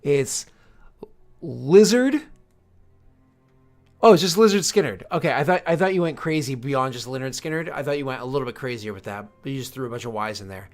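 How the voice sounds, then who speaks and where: A man's voice: mid-range voice, fast talker, hardly any pauses, soft background music. A man streaming casually, rambling and joking to his chat, muttering asides and swearing now and then.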